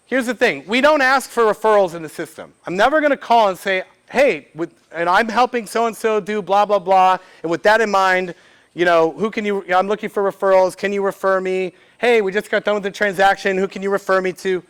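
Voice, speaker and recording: A man, giving a lively workshop talk to a live audience, acting out short bits of dialogue and asking the room questions. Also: high-pitched, brisk, clear, resonant tone. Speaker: speaker at a business event. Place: event room before an audience.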